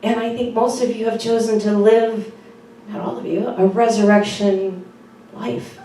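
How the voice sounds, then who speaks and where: A woman pastor giving a sermon in an earnest, conversational way, with soft fillers, in a church sanctuary. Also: medium pitch, level tone, a little slow, a little hiss or hum. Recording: very echoey room from far off.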